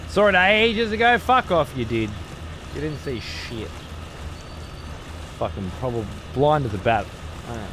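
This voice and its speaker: Sweary man with a lively voice. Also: mid-range voice, unhurried, pauses often, noisy background. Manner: sweary, sarcastic, talks to himself and chat. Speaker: gameplay streamer. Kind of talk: casual profane gameplay commentary.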